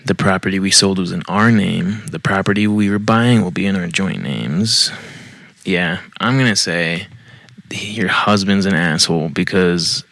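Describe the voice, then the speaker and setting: Male podcast host, very low voice, reads posts aloud with blunt profane commentary. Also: measured pace, vocal fry, fairly bright tone, no room sound. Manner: blunt and profane, mocking asides. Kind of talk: reading a post aloud with commentary.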